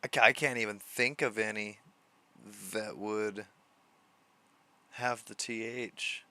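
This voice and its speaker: A man's voice: on the low side, fairly even intonation, takes it slowly, bright, forceful tone. A man streaming live, chatting casually with his viewers, chuckling often and repeating words as he answers them.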